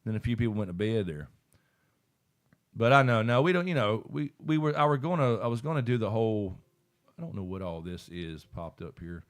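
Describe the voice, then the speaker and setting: A man with a lowish voice hosts a live stream, chatting briskly yet casually. He's laid-back and rambling, reading viewers' comments aloud as he goes.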